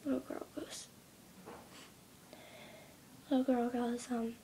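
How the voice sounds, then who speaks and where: A young woman in her teens retelling a story in a casual vlog, speaking softly and often near a whisper, with many ums. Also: on the high side, steady tone, slow pace, a little hiss or hum. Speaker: vlogger.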